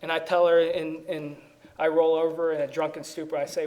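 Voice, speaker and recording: A man's voice: on the high side, flat delivery, brisk, darkish tone. A man speaking at a recovery meeting, telling his story in a rambling, self-deprecating way with many restarts.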